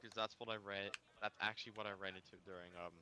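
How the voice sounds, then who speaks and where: A man with a fairly low voice chats casually alongside a gamer on a live stream. He rambles, trips over his own sentences and breaks into quick laughs. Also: steady tone, pushed and bright, soft background music, rough recording. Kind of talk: casual chat on a game stream.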